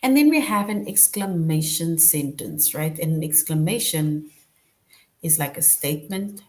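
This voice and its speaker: A woman's voice: sits low, animated. A woman teacher explaining a grammar lesson to young children, patient and repetitive, often checking in with "right?". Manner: patient, repeats points, tags "right?" often; slow, deliberate.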